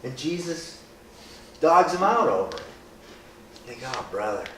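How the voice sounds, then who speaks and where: Slow-talking man in an echoey room. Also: medium pitch, big pitch swings, a bit bright. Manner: conversational, asks rhetorical questions, often adds "right?"; jokey, acts out people's reactions. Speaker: speaker leading a group. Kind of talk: informal Bible talk. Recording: roomy, distant, faint hiss.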